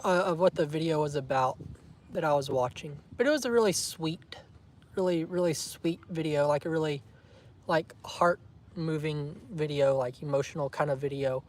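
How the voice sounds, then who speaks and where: Guy vlogging, high voice, teasing and emotional, lots of y'all. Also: moderate pace. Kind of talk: casual chat to viewers.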